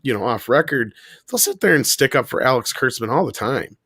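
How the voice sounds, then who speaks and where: A man's voice: mid-range voice, expressive, fairly quick, sharp tone, breathy edge, no room sound, clean studio sound. A man hosting a casual podcast chat, blunt and dismissive.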